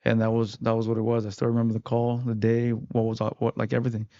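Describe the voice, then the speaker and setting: A man's voice: medium pitch, monotone, fast talker, mellow, muffled recording. A man, an interview guest who fights, telling his story in casual chat with many fillers. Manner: rambling, lots of "like" fillers.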